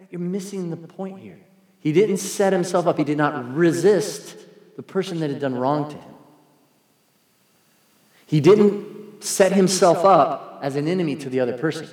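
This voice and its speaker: Pastor, male, lively sermon delivery, slightly higher voice, big reverberant hall. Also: normal speed, pauses often. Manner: animated, acts out quoted voices. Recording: echoey hall, long reverb.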